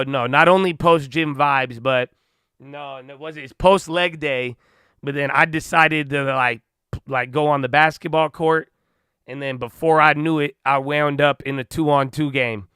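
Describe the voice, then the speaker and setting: Clean studio audio with no room sound captures a young live-stream trading host whose medium-pitched voice is clear and resonant. He's slangy and hyped, giving viewers shout-outs, though he's winded and breathless.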